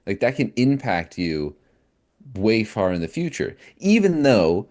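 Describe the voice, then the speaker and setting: Lively-voiced man in podcast chat. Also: on the low side, unhurried. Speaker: podcast co-host.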